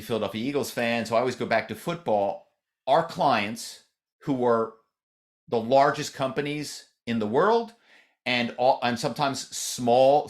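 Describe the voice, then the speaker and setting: A middle-aged man as a podcast guest, talking loosely with lots of fillers and restarts. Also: medium pitch. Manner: rambling, many "you know" fillers and restarts. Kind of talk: conversational interview.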